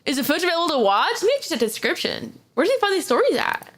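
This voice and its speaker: High, lively young woman streamer. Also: fast talker. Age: young adult. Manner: excitable, laughs often, swears casually. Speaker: streamer reacting to videos. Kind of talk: casual live-stream chat.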